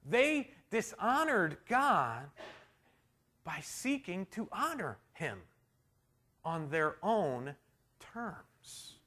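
A middle-aged male pastor preaching a sermon, shifting from hushed storytelling to loud, emphatic declarations. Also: high voice, big pitch swings, extremely slow, pauses often.

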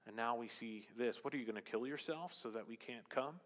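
A man preaching a sermon as pastor, emphatic, rising to loud, high exclamations and dropping to quiet, low stretches. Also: a little fast. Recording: long reverb of a large hall.

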